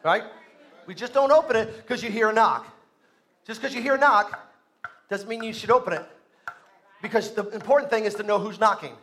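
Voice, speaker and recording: A man preaching a live sermon to a congregation, swinging from hushed lines to shouting. He stretches phrases out for emphasis and calls on the audience to answer. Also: high-pitched, a little fast, long pauses. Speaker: pastor.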